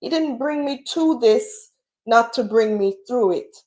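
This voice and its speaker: Woman livestream host, tearful and preaching, warm and slow. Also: on the high side, lively intonation. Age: adult with children. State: crying at times. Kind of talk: emotional livestream talk.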